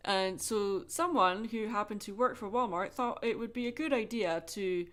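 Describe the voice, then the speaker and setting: A Scottish woman chatting frankly with soft laughs while drawing on a livestream. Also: medium pitch, measured pace. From Scotland. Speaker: livestreaming artist.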